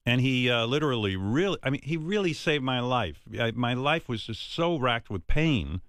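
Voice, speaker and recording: A man's voice: mid-range voice, sing-song, moderate pace, fairly bright tone, no echo, clean studio sound. A man in his sixties hosting a radio talk show, speaking earnestly and heartfelt, rambling with many restarts.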